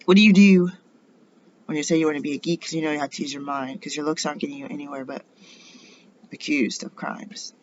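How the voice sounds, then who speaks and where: A woman's voice: deep voice, steady tone, quick pace, highs cut off, slight background noise. A middle-aged woman from the United States in a rambling personal monologue, indignant and full of rhetorical questions. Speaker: vlogger.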